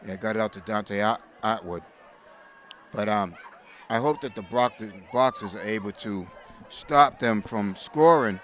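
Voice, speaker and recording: A man giving casual, hesitant color commentary on a high school football game from the press booth. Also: unhurried. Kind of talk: local sports commentary. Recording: loud crowd and music behind.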